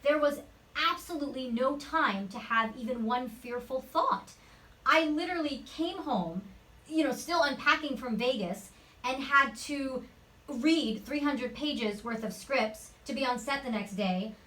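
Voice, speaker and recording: Actress guest, woman, higher-pitched, animated storyteller, mic a little far off. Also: a little slow. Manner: lively, chatty anecdotal storytelling. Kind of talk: interview storytelling. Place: home studio.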